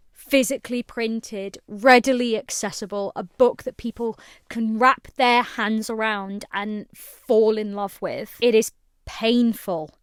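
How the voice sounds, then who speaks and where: A woman's voice: fairly high pitch, clear, resonant tone, dry recording, clean studio sound. A woman in her late twenties, a book content creator, giving an earnest, emotional book review while tired. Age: late 20s. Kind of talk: casual book review to camera.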